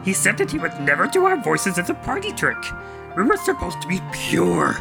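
A man's voice: high-pitched, wildly swooping pitch, moderate pace, vocal fry, over music, exaggerated voice. A man voicing a fretful, fussy male monster puppet character in a comedy podcast skit. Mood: worried.

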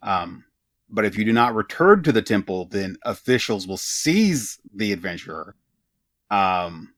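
Male podcast co-host, low voice, dry close recording, halting summarizer. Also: very animated, a bit bright, no echo. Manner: halting, with frequent "uh" and "um". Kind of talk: casual chat summarizing game material.

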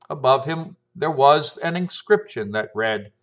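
A man's voice: mid-range voice, moderate pace, hardly any pauses. A priest with an American accent reading a gospel passage and giving a short homily, lifting his voice for the quoted speech.

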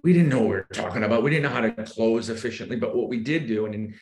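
A man in casual podcast chat, telling sales stories and acting out his phone pitches with shifting tone. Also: racing. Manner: animated, acts out sales calls with shifting tone. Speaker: real estate agent, guest. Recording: roomy echo.

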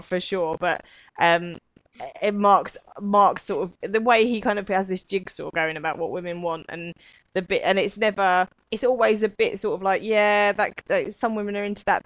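A woman's voice: medium pitch, fairly even intonation, moderate pace, no room sound, rough recording. A British woman co-hosting a podcast, chatting casually and ending remarks with tag questions. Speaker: podcast co-host. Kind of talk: casual chat recapping a show.

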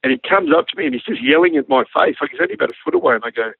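An Australian man spins an animated anecdote in a relaxed, matter-of-fact way, his voice gravelly with fry. The sound is dry and narrow, like a phone line. He drifts in and out of other people's voices as he tells it. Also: extremely high pitch, racing, no room sound. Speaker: storyteller recounting an army flight.

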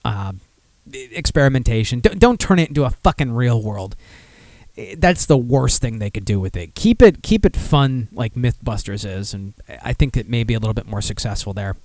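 Brief: male podcast host, mid-pitched, cursing and rambling, dry close mic. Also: lively intonation, normal speed, darkish tone, dry recording. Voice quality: profane, rambling, self-mocking. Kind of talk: casual podcast chat and news reading.

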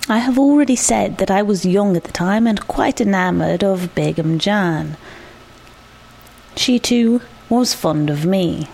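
A woman reading a short story aloud, measured and reflective. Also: medium pitch, expressive, creaky, a little mellow, husky. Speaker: narrator.

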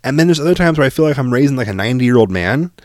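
A man's voice: medium pitch, animated, rapid-fire, no room sound, clean studio sound. A middle-aged man from Oregon, a podcast co-host, telling a casual, profane family story with lots of fillers.

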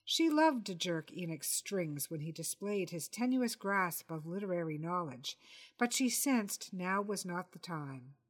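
A woman podcast host reading a comic crime story aloud in a measured, wry way. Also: lowish voice, very animated, soft background music. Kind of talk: storybook narration.

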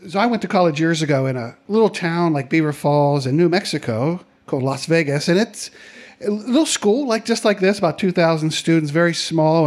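Animated high-voiced man telling a story. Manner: conversational, animated, acts out quoted voices. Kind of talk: personal storytelling.

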